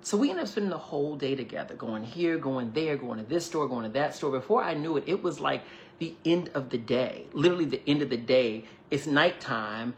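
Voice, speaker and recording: A man hosting a livestream, telling a personal story to viewers in a chatty, animated way, often acting out quoted dialogue and thanking people between lines. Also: medium pitch, fairly quick, a little hiss or hum. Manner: chatty and animated, full of "like" and "you know". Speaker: livestream host. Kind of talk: casual storytelling to a live audience.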